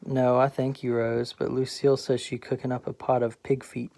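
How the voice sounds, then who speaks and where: An easygoing middle-aged friend reminisces about hard times in a relaxed drawl, as a man reads him. The voice is mellow and level, close and dry. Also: mid-range voice, normal speed, gravelly, no room sound, natural voice. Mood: polite.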